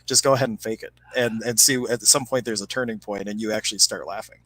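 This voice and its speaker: A man's voice: fairly low pitch, fairly even intonation, fast talker, sharp tone. A middle-aged man co-hosting a casual chat, telling stories and laughing often as he acts out what people said. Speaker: podcast co-host.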